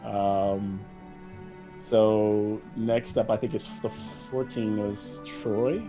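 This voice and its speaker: A man's voice: fairly low pitch, steady tone, extremely slow, over music, low-quality recording. A man running a tabletop role-playing session, chatting loosely with players and restarting his sentences often. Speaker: game master. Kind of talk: casual tabletop game chat.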